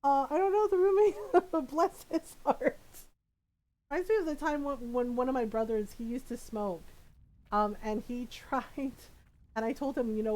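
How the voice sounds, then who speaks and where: A woman's voice: high voice, normal speed, rough recording. A woman streamer in casual chat, telling a story with frequent laughter. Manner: animated storytelling, laughs often.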